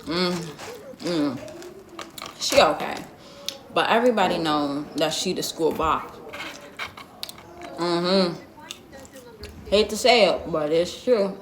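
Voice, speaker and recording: A woman's voice: lowish voice, takes it slowly, pauses often, noisy background. Sassy young woman telling a story, roomy sound. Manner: blunt, sassy and slangy, with lots of asides. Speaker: vlogger. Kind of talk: storytime vlog, casual gossip. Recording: roomy echo.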